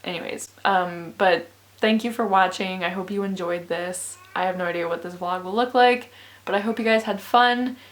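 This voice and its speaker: A woman's voice: mid-range voice, steady tone, normal speed. A sleepy, exhausted young woman chatting casually in a book vlog, rambling with lots of "like" and frequent laughs. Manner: rambling, filler-heavy, laughs often. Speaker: book vlogger.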